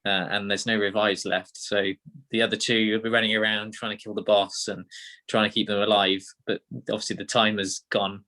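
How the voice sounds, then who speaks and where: A man's voice: on the low side, a little fast. Chatty British man, podcast co-host. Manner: chatty, relaxed, with many ums and uhs. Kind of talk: casual chat.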